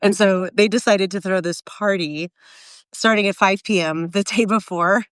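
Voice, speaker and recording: A woman's voice: medium pitch, fairly even intonation, moderate pace, a bit bright, smooth, dry recording, clean studio sound. A woman in her forties in casual, reflective chat, rambling with many fillers and restarts. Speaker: co-host of a live video chat.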